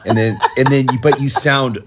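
A man's voice: mid-range voice, fairly even intonation, fairly quick, background noise. A middle-aged man with a Californian accent, teasing his co-host in a wry, casual chat.

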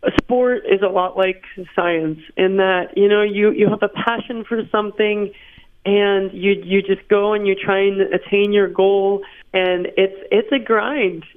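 A woman in her thirties, interviewed by phone, telling stories in an animated way and laughing often. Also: mid-range voice, a little slow. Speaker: interview guest. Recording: tinny phone line.

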